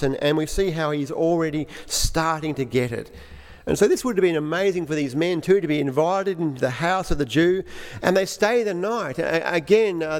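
Male preacher, slightly high voice, halting delivery, long hall reverb. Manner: halting, repeats words while explaining. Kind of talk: sermon.

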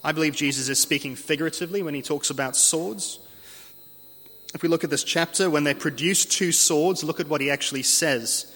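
A man preaching an earnest expository sermon, slowing down to read scripture aloud. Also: fairly high pitch, fairly bright tone. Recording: long hall reverb.

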